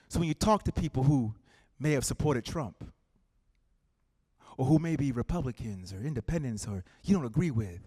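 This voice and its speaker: A man giving an impassioned rally speech at a community center. He builds rhythmic repeated lines and drops from loud calls to hushed storytelling. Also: mid-range voice, husky, dry recording, clean studio sound. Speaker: political speaker.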